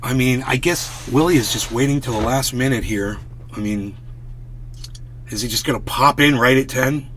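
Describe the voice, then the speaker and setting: A man's voice: mid-range voice, moderate pace, fairly bright tone, a little hiss or hum. A man hosting a live stream, ranting in a worked-up, swearing, casual way. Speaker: livestream host.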